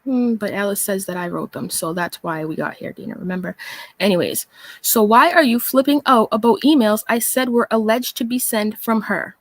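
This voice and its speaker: At a moderate pace, a woman vlogger with a mid-range voice sighs her way through a sarcastic, exasperated casual rant, calling someone out by name repeatedly. No room sound comes through in the recording.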